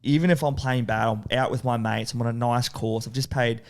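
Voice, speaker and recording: A man's voice: medium pitch, fairly even intonation, brisk. A young Australian man hosting a podcast, chatting loosely and swearing. He tells stories against himself and laughs along. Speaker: podcast host. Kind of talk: casual chat.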